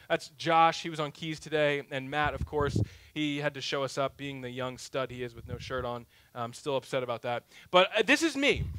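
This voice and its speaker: In a church sanctuary, a pastor in his thirties with a high, bright voice tells a self-mocking story during his sermon. He alternates between loud, punchy lines and hushed asides, and the sound is dry and close with little echo.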